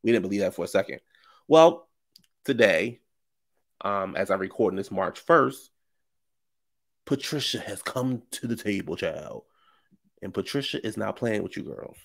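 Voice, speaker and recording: A man's voice: lowish voice, expressive, measured pace, vocal fry, long pauses. A man giving rambling, slangy commentary on reality TV gossip with lots of asides. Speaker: commentary vlogger.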